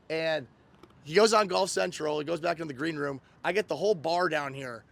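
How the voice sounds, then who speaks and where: A man's voice: fairly high pitch, fast talker, vocal fry, a bit bright. A man in his thirties hosting a casual recap show, animatedly retelling a story and acting out quotes. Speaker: host.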